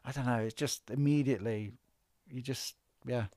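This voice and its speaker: A man on a podcast, telling stories in a lively way and acting out what people said. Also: medium pitch, moderate pace, no echo, studio quality. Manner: animated storyteller, acts out quotes. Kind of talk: casual podcast chat. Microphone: studio podcast microphone.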